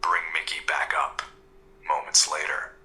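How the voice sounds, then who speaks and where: A man voicing a brooding masked vigilante who narrates in low, hushed, terse lines in an audio drama. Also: flat delivery, unhurried, exaggerated voice, rough recording. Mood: grim.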